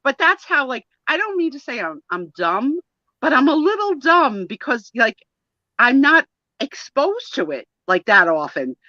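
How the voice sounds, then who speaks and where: A woman from the New Jersey and New York area, chatting in a rambling, animated way while co-hosting a live photo sale. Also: high voice, unhurried, no echo, dull audio. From northeastern US, New Jersey and New York area. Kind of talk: casual live-stream chat.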